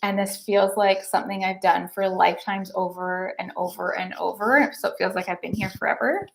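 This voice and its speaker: Creaky-voiced woman telling her story. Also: medium pitch, fairly even intonation, moderate pace, slight background noise. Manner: chatty, earnest, many "like" fillers. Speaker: somatic breathwork coach, podcast guest. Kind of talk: candid personal storytelling in an interview.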